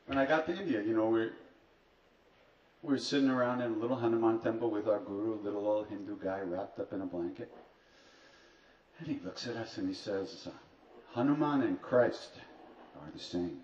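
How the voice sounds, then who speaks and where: A lowish, darkish male voice moves fairly quickly with fairly even intonation but long pauses, and slight background noise can be heard. He's a spiritual teacher at a retreat, telling comic stories to an audience with dry, wry asides and self-mocking humor. The live hall recording is distant, roomy, dull and faintly ambient.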